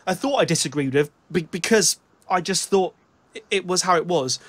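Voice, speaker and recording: In an animated, fairly bright voice that sits notably high, a British man hosts a relaxed music chat at a moderate pace. His sentences often break off and begin again as he gropes toward what he means.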